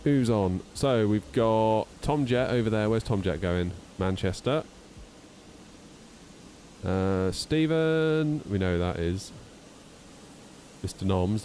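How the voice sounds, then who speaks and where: At a moderate pace, a man with a fairly low, mellow voice talks over a little hiss or hum. He's a flight sim streamer in his 30s, live from his home sim room, working through checklists while joking with viewers at his own expense.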